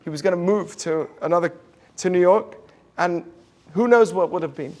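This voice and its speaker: This rabbi's voice is high, his pace moderate, as he shares stories in an inspirational talk to an audience. He tells them earnestly, going hushed for the quoted lines.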